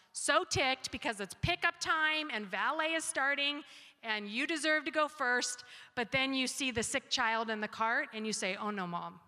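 A woman in her forties giving a talk with slides, telling parenting stories and acting out her children's lines in an animated way. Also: on the high side, big-room sound. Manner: animated storyteller, acts out her kids' voices. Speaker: speaker giving a talk on grace.

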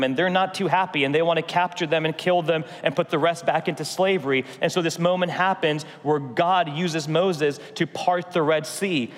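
Pastor preaching in a reverberant church. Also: male voice, a little high. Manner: earnest, conversational preaching with slow emphatic repeats. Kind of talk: sermon. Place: church sanctuary.

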